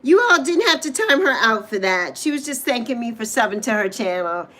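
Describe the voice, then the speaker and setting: A middle-aged woman from the Virgin Islands hosts a casual livestream in a high, light voice. She chats and rambles, wanders off track, and greets viewers by name. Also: sing-song, brisk, pushed and bright, rough recording. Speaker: livestream host.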